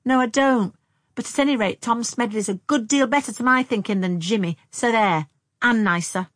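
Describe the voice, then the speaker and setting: A woman's voice: a little high, extremely slow, bright, forceful tone, no echo, clean studio sound, pitched above the performer's own voice, full character voice. A woman voicing a bossy scolding sister. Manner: scolding, emphatic.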